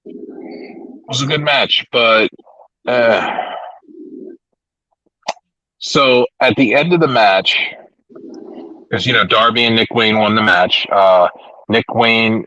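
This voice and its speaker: A man's voice: fairly low pitch, slow pace, pauses often, sharp tone, no echo. A man hosting a casual wrestling talk podcast, rambling and retelling events with restarts. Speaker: podcast host. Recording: dull lo-fi recording, dry.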